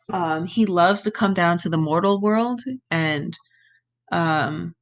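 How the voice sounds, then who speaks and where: Young woman teacher, slightly low voice, casual and chatty, talks students through a reading. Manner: casual, explains words in plain terms. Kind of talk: reading lesson, thinking aloud over a text.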